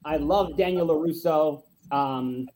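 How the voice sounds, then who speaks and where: A young man hosting a casual podcast, animated and quick to laugh while retelling favorite moments. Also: fairly high pitch, poor audio. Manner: animated, laughs easily, acts out quotes. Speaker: podcast host. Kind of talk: casual chat.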